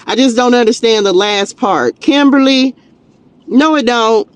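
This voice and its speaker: A woman's voice: on the high side, measured pace, dry recording. A woman with a Southern US accent giving a live tarot reading, chatty and folksy, encouraging her viewers and laughing easily. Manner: chatty, folksy, calls viewers "child" and "y'all"; warm encouraging pep talk, laughs easily. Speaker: tarot reader and spiritual coach.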